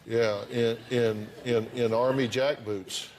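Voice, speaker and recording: A man's voice: medium pitch, fairly even intonation, slow pace, darkish tone, a little hiss or hum. A man, a talk show host counseling a couple bluntly and sarcastically in front of a studio audience.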